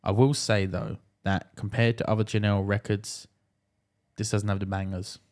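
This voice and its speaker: A man's voice: lowish voice, flat delivery, normal speed, a little mellow. A man co-hosting a podcast in casual, joking banter full of swearing. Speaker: podcast co-host. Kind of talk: casual chat.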